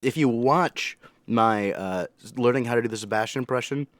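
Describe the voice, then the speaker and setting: A man's voice: medium pitch, normal speed, no echo. A man hosting a reaction video, chatting casually and rambling with jokes, fillers and self-corrections. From United States.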